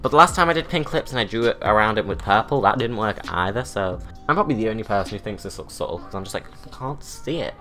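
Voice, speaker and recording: A man's voice: fairly low pitch, expressive, very fast, hardly any pauses, a bit bright, faint music behind. A young British man and drag artist, chatting casually through a makeup tutorial with camp, self-mocking asides. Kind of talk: chatty get-ready-with-me tutorial.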